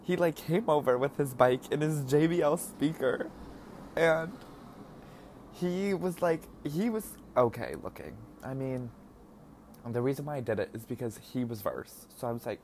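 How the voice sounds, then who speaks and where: A man's voice: medium pitch, normal speed, slight background noise. A young man hosting a podcast, telling personal stories in a casual monologue. He is chatty, laughs often, and fills his speech with 'like' while he eats. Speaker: podcast host. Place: indoors, eating while recording.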